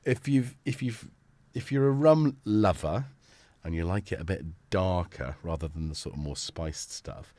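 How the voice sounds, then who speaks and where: A man's voice: low voice, moderate pace, mellow, no room sound. A man hosting a casual livestream from his home studio, rambling and chatty with many restarts. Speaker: livestream host.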